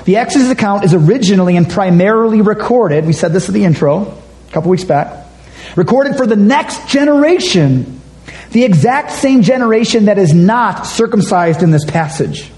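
A man's voice: high voice, lively intonation, moderate pace, a little mellow, poor audio. A man preaching a conversational, emphatic sermon as a pastor, reading scripture aloud and acting out quotes.

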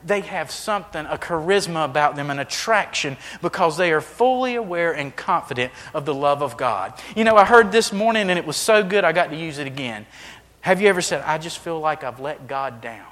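High-voiced preaching man in a big sanctuary. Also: lively intonation, a little fast, in a large hall. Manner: preaching with sweeping swings between hushed and loud. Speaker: pastor. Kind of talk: sermon. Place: church sanctuary.

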